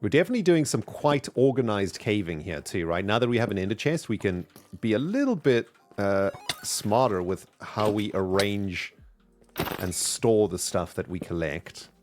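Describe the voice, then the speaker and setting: A man with a low voice keeps up casual, upbeat commentary while he plays a game on stream. His pitch swings widely as he chats and thanks viewers, and soft music runs underneath. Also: animated, normal speed. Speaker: live streamer playing a video game.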